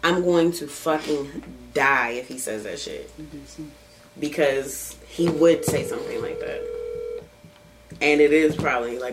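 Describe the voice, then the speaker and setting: A woman's voice: deep voice, measured pace, background noise. A woman hosting a podcast, chatting casually in a frank, profane way, often laughing as she tells stories. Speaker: podcast host. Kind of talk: casual chat.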